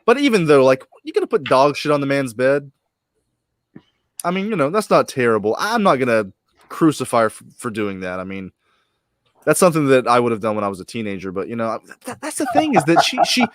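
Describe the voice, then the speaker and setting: A man's voice: mid-range voice, fairly quick, no echo, studio quality. A man hosting a casual podcast chat, joking and swearing freely. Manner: animated, profane, joking. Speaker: podcast host.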